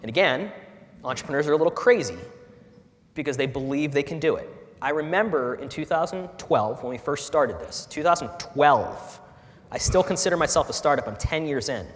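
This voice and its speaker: A man's voice: fairly high pitch, brisk. A middle-aged man, a startup founder, speaking candidly and with feeling to an audience, often restarting his sentences. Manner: earnest, animated, frequent restarts and fillers. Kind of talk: candid talk at a fireside chat. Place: large lecture hall with audience. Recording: echoey hall with faint ambience.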